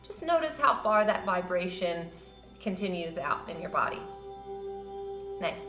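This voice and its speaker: A woman teaching a yoga class, guiding breathing and stretches in a gentle, encouraging, loosely conversational way. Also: on the low side, sing-song, unhurried. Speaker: yoga instructor. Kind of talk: guided yoga class instruction. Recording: roomy with soft music behind.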